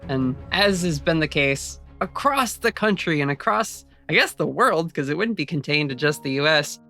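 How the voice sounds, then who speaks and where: Game master narrating, bright tone, light music under. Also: male voice, fairly high pitch, animated, moderate pace, vocal fry.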